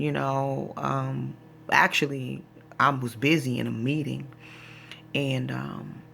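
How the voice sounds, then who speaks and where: A woman's voice: very deep voice, creaky, fairly bright tone, a little hiss or hum. A woman vlogger telling a story in a casual, exasperated rant, acting out what people said to her. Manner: exasperated, retells conversations in quoted voices.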